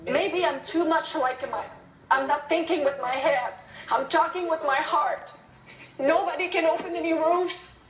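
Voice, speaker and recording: A woman guest in a live TV interview, crying as she talks, impassioned and pleading in rapid bursts. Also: high-pitched, a bit bright. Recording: roomy broadcast audio.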